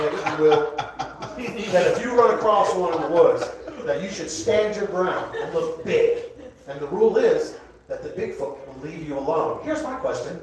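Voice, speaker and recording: High-pitched male stand-up, crude and rambling; distant, roomy club recording. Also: darkish tone. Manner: rambling, crude, self-mocking. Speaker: stand-up comedian. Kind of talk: stand-up comedy set. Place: comedy club, indoors. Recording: echoey club recorded from afar.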